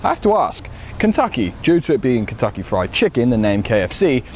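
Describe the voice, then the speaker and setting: A man's voice: mid-range voice, sing-song, a little fast, darkish tone, slight background noise. A man from Britain vlogging his travels, chatty and curious, outdoors on a small-town street. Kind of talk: travel vlog narration.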